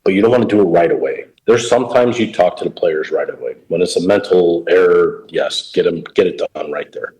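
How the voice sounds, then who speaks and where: A middle-aged man who coaches pro baseball is the interview guest here, telling coaching anecdotes casually and plainly. His deep, slightly mellow voice moves fairly quickly with hardly any pauses, and the audio is rough.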